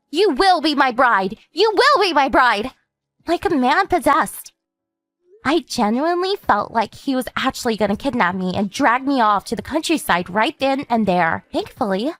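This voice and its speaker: A woman voicing a composed woman calmly explaining her sister's husband's dark past in a measured storytelling manner. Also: sits high, no room sound. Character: calm woman warning her sister about a stalker ex. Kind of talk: animated story narration.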